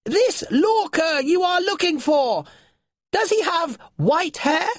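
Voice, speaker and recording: A man doing a shrill, calling Nylar. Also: very animated, takes it slowly, no room sound, studio quality, full character voice. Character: shrill calling flying creature.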